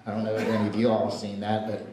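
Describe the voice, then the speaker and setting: A man's voice: lowish voice, completely flat delivery, rapid-fire, warm tone. A man giving an informal eulogy for a friend, telling stories in a rambling way with many fillers. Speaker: eulogy speaker. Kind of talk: informal spoken tribute. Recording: echoey room with faint noise.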